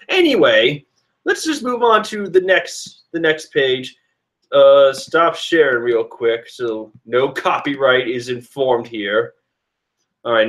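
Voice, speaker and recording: A man casually reading and reacting to a comic chapter, animated and rambling with restarts. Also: a little high.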